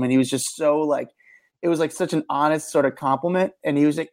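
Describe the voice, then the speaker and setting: A man's voice: a little high, steady tone, fast talker, darkish tone. A man co-hosting a podcast, telling rambling stories with many fillers and restarts. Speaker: podcast co-host. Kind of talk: casual chat.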